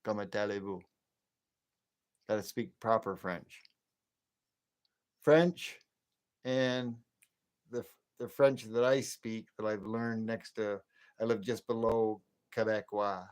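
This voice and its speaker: Late at night on his livestream, a chatty, rambling man in his late fifties chuckles to himself. He's from the northern US near the Canadian border. His lowish voice is smooth and a little mellow, fairly even in intonation, slow, with long pauses.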